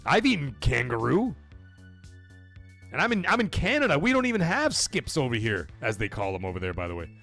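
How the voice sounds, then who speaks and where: Lively joking male stream host. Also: mid-range voice, brisk, vocal fry, soft background music. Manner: animated, profane, joking banter with chat. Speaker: livestream host. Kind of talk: casual livestream chat, reading out chat.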